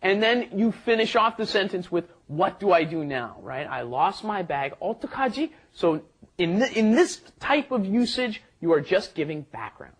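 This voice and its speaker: Lively, husky-voiced male co-host explaining. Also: high voice, moderate pace. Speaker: co-host teacher. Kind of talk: casual lesson chat.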